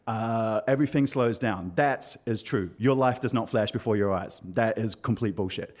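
A man telling a personal story on stage, animated and self-mocking, with frequent filler sounds. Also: fairly low pitch, moderate pace.

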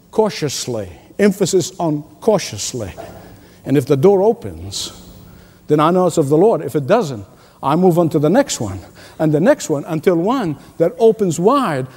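A man's voice: high voice, mellow, big-room sound. A man preaching a sermon as pastor, emphatic, repeating key lines and chuckling at his own stories.

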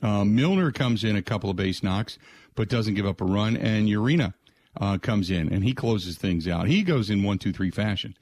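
A man's voice: lowish voice, animated, normal speed, a little mellow, no room sound. Man hosting sports talk radio. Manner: conversational, frequent "uh" fillers, rattles off game stats.

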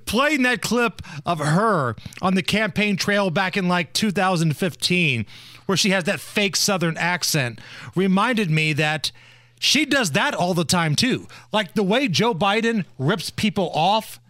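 Bright-voiced man mocking politicians. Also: sits high, animated, a little slow, no room sound, clean studio sound. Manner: mocking, laughs often. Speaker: podcast co-host. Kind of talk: casual political commentary.

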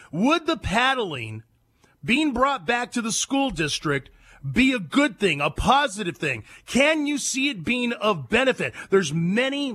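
A man's voice: sits high, bright, forceful tone, dry recording. A man hosting a talk radio show, holding forth emphatically and throwing rhetorical questions at his listeners.

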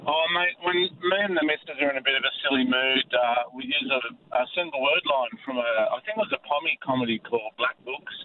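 Australian man calling into radio, tinny phone line, relaxed and hesitant. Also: mid-range voice, brisk, hardly any pauses, a crowd in the background. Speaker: caller. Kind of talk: phone-in chat.

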